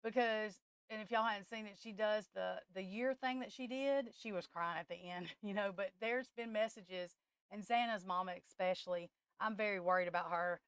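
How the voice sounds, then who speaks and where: Lady on a live stream, worked up and teary, smooth clear voice, dry close mic. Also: medium pitch, a bit bright, dry recording. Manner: impassioned, tearful, halting restarts, addresses viewers as y'all. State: close to tears. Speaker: tarot livestream host. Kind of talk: emotional live-stream chat.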